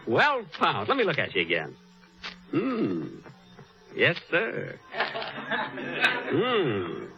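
A man hosting a 1940s radio comedy, vain and easily huffed, with drawn-out pauses. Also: fairly high pitch, wildly swooping pitch, soft background music. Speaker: comedy show host. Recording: muffled old radio broadcast.

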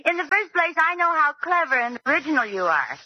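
An actress playing a playful, teasing young housewife in a 1940s radio sitcom. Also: female voice, sits high, sing-song, fairly quick. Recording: hissy lo-fi old radio recording.

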